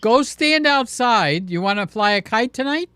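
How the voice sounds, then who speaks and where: A man's voice: extremely high pitch, animated, moderate pace, pushed and bright. A man hosting a casual live stream, chatty and jokey, acting out voices as he tells stories. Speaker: livestream host.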